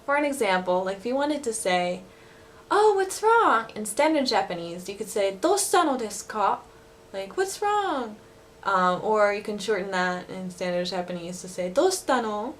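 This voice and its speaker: A woman's voice: mid-range voice, a little hiss or hum. A woman giving a casual video lesson on dialect phrases, chatty and giggly, with lots of fillers. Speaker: language vlogger teaching dialect phrases.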